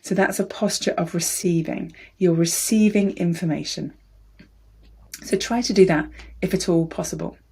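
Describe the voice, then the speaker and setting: A woman coaching public speaking, explaining calmly and steadily and demonstrating voice techniques. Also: on the low side, slightly rough. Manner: calm, measured coaching with demonstrations. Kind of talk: speaking tips lesson to camera.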